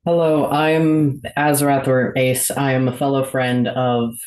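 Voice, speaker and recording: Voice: medium pitch, level tone, measured pace, darkish tone. Awkward young podcast guest in a roomy space. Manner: awkward, hesitant, laughing. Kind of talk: casual podcast chat.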